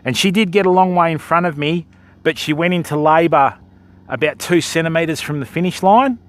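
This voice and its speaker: Joking Australian streamer, raised pitch. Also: male voice, moderate pace. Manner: laid-back, joking, chatty. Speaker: fishing livestreamer. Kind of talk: casual chat with viewers.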